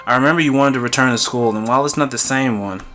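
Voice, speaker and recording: A man voicing a gentle middle-aged father who talks in a soothing, persuasive way. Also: medium pitch, fast, soft background music, natural voice. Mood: coaxing.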